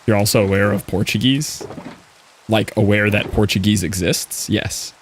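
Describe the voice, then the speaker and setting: A man's voice: fairly low pitch, fairly even intonation, moderate pace, a little hiss or hum. A man streaming a game, chatting casually with viewers and answering their messages as he plays. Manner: chatty, answers chat, thinks aloud. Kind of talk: casual live-stream chat while gaming.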